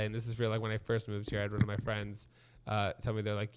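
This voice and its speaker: A man's voice: on the low side, fast talker, clean tone. A man co-hosting a podcast, chatty and storytelling, with a mock-dramatic streak. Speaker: podcast co-host. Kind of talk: casual chat.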